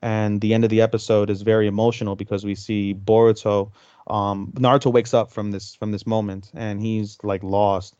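A man's voice: on the low side, little pitch movement, moderate pace, mellow, clear, resonant tone, no echo, muffled recording. A man co-hosting a podcast, casually retelling an episode and acting out the characters' lines as he goes. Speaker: podcast co-host.

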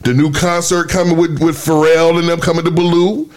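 A man's voice: a little high, little pitch movement, fairly quick, soft background music. A man, co-hosting a casual podcast discussion in an emphatic, preachy way. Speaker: podcast co-host.

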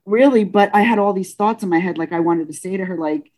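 A woman telling a personal story in a casual, halting way, with restarts, acting out what people said with big jumps in pitch. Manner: animated, acts out dialogue with pitch leaps; halting, frequent restarts and self-corrections.

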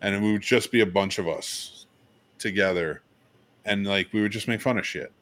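A man's voice: on the low side, normal speed, fairly bright tone, slight background noise. A man hosting a casual podcast chat, laid-back and joking with friends. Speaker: podcast host.

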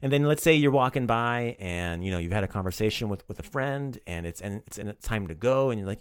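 A man's voice: lowish voice, animated, brisk, hardly any pauses, clear, resonant tone, dry recording. A man teaching a casual podcast language lesson, upbeat and playfully teasing his student.

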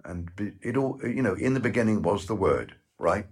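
A very low, husky man's voice with a West Country accent. He spins anecdotes in a rambling, halting way and keeps repeating his words as he talks with his interviewer. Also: animated. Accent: West Country English. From West Country of England. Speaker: actor guest.

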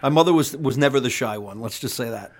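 A middle-aged man tells stories as a guest on an interview. He talks in a rambling, animated way, swearing freely and restarting his sentences. His voice sits at an ordinary pitch for a man. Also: quick pace. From New York. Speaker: guest musician. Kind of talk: casual interview storytelling.

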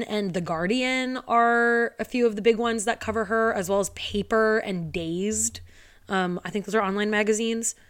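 Chatty, sarcastic young woman podcaster. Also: fairly high pitch. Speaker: podcast host. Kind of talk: casual storytelling podcast.

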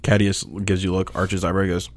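A man narrating as game master of a tabletop role-playing game in a relaxed storytelling manner. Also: sits low. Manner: relaxed storytelling, voices NPCs in quick bursts.

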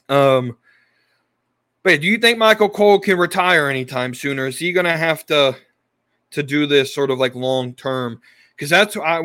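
A man's voice: fairly high pitch, pushed and bright, dry recording. A man hosting a casual podcast, talking in a loose, rambling way with many restarts and fillers. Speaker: podcast host. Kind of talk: casual wrestling podcast talk.

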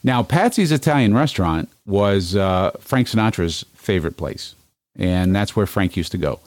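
A man's voice: low-pitched, lively intonation, normal speed. A man, co-hosting a casual chat and telling rambling anecdotes full of fillers.

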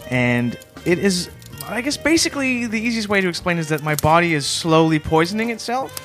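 Male comedy co-host, deadpan storyteller, bright and animated pitch, faint music under. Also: fairly quick. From Canada. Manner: deadpan, matter-of-fact storytelling. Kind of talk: deadpan improvised comedy chat.

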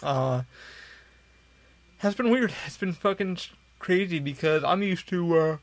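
A man's voice: high voice, a little slow. A man hosting a podcast, rambling casually with a lot of swearing. He sounds tired and yawns as he talks. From upstate New York. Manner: profane, rambling, tired and yawning. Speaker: podcast host. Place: hot room at home.

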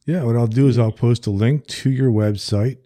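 Relaxed American host, mellow voice. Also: male voice, medium pitch, moderate pace. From New Jersey, United States. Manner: relaxed, says "like" often. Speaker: podcast host. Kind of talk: casual chat.

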